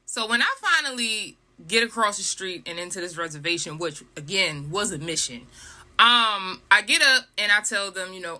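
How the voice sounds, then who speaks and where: A young woman telling a storytime vlog, animated and dramatic, with frequent asides to her viewers. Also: medium pitch, normal speed. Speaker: vlogger.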